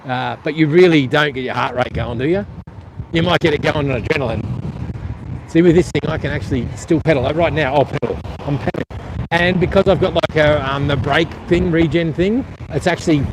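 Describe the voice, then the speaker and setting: A man's voice: a little high, fairly quick. A man with an Australian accent from the east of the country, chatting casually on a live stream while riding a coastal path, rambling and blunt with casual swearing. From eastern Australia. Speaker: vlogger. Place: outdoors on a coastal bike path. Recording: outdoor wind and traffic noise.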